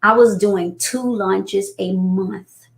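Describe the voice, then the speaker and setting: A middle-aged woman chatting as a guest business coach, telling animated stories and acting out quotes. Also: slow, vocal fry. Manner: animated storyteller, acts out quotes in high voices. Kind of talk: casual chat. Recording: echoey room.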